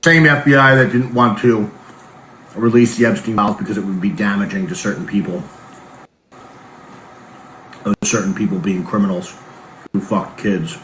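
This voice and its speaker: A man's voice: fairly low pitch, normal speed, pauses often, fairly bright tone. A man giving sarcastic political commentary in a drawling way. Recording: echoey room with faint noise.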